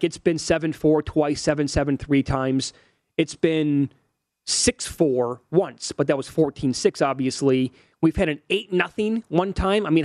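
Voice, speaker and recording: A man's voice: on the high side, a little mellow, no room sound. Man talking betting numbers, dry studio. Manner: analytical, rattles off odds and stats. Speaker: sports betting co-host. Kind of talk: casual radio chat.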